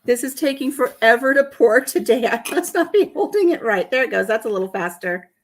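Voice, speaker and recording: A woman's voice: on the high side, lively intonation, fairly quick. A woman hosting a casual home vlog, chatting and telling stories with a lot of laughter. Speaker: vlog host. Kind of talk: casual chat while tasting tea.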